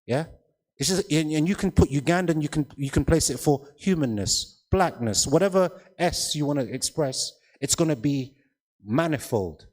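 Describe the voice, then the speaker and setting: A man's voice: a little high, expressive, normal speed, darkish tone. A man speaking on a festival panel, emphatic, often repeating words and checking whether the audience follows. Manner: emphatic, repeats words, asks "does that make sense?". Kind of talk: panel discussion talk. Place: festival hall. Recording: long hall reverb.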